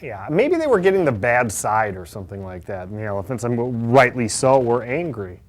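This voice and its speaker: A man's voice: mid-range voice, normal speed. A man co-hosting a comedy podcast, riffing jokes in a casual chat. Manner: animated, riffing jokes with silly put-on voices. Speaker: podcast co-host.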